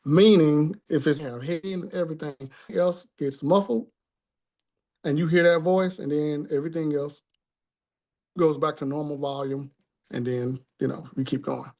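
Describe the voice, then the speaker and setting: A man's voice: fairly high pitch, fairly even intonation, normal speed, darkish tone. A man teaching a spiritual class in a conversational tone, often checking in with the listeners.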